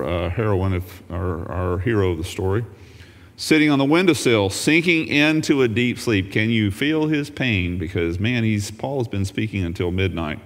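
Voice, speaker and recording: A man's voice: on the low side, in a large hall. A man teaching a Bible lesson as a pastor, folksy and humorous, reading scripture aloud.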